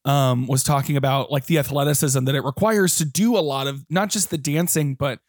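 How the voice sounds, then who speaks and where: A podcast co-host talks enthusiastically about a stage musical, swearing casually, in a medium-pitched, steady voice at a brisk pace. The recording is clean studio sound with no room echo.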